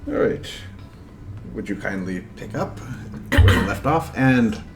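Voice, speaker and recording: A man co-hosting a game stream, chatting casually in a relaxed, friendly way. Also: fairly low pitch, measured pace, over music. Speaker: streamer and co-host.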